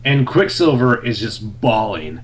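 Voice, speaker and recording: A young man on a podcast, recapping a comic in casual chat, full of fillers and quick laughs. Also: medium pitch, a little hiss or hum. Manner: animated storyteller, many fillers, laughs often. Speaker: podcast co-host reviewing a comic.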